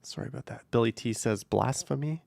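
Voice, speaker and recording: Driving on a highway, a gravelly man with a medium-pitched, slightly mellow voice livestreams through a camera mounted in his car, talking a little fast. He casually goes through viewer comments in an offhand, meandering way, often hedging with "I don't know".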